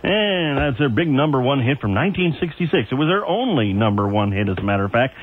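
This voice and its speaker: A man's voice: mid-range voice, very animated, quick pace, slight background noise. Chatty AM radio DJ man, tinny. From Ohio. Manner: chatty and folksy, with chuckles and asides. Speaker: overnight radio DJ. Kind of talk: casual on-air oldies patter. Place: radio studio. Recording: tinny AM radio aircheck with faint music.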